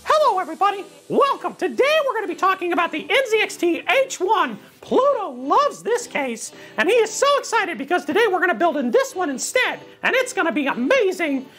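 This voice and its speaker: A man putting on the voice of Mickey, an excitable male cartoon mouse, gushing and giggly. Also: extremely high pitch, fairly quick, few pauses, pitched above the performer's own voice, full character voice. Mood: giddy excited.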